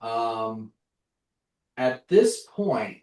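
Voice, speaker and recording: Male game master, slow and hesitant, distant mic in a very echoey room. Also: mid-range voice, big pitch swings, darkish tone. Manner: halting, filler-heavy narration. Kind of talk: running a tabletop game.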